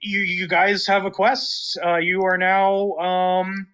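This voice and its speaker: A man's voice: high-pitched, flat delivery, takes it slowly, a bit bright, clear, resonant tone, lo-fi sound. Hesitant man running a tabletop game. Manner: hesitant, many fillers. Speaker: dungeon master.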